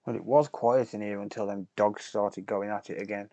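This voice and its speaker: A man in his thirties streams a repair session, chatting casually with viewers while soldering, bantering and swearing under his breath. His voice is on the low side with a dark tone and fairly even intonation, at normal speed with no echo.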